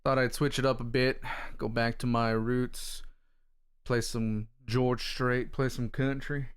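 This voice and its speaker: A man's voice: medium pitch, little pitch movement, takes it slowly, clean tone. A man chatting casually to viewers as a gaming streamer, talkative and exclamatory, with some casual swearing. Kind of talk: casual live-stream chat.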